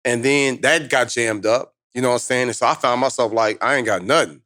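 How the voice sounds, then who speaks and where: Brief: man, 30s, motivational speaker, rapid animated storytelling, dry close sound. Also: mid-range voice, no echo. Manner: fast, animated street-slang storytelling. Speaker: motivational speaker, podcast guest. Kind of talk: storytelling in casual conversation.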